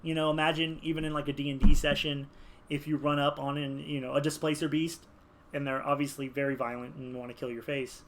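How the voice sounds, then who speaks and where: A man's voice: a little high, a little fast, slight background noise. A man chatting casually while building a game character, rambling with lots of fillers. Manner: rambling, filler-heavy, animated. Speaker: gaming video creator.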